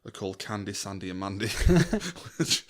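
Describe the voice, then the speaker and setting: A young man co-hosting a podcast, with a low, deep voice. He chats casually and laughs a lot. He slips into quick mock voices for scenes he describes. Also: sing-song. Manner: chatty, laughs often, acts out lines from scenes. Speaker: podcast co-host. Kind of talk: casual chat.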